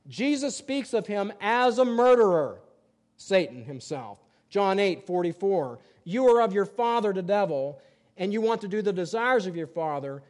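A man preaching a sermon from the pulpit in a church, reading scripture aloud and making emphatic points with plain examples. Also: high voice. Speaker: pastor.

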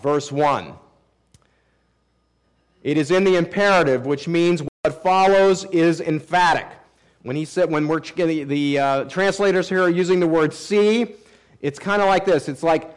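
Higher-voiced man teaching a sermon. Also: poor audio. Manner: measured and explanatory, slows down to quote scripture. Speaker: pastor. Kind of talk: sermon, verse-by-verse Bible teaching.

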